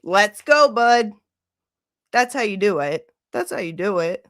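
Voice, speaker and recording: A woman hosting a casual livestream, gushing and excitable, gasping and laughing often. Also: mid-range voice, measured pace, dry recording. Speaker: livestream host.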